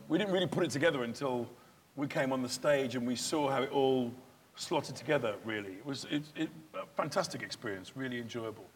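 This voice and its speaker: A man's voice: mid-range voice, slightly rough. A male stage actor talking in an interview, chatty and self-deprecating, often restarting his sentences. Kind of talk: interview chat.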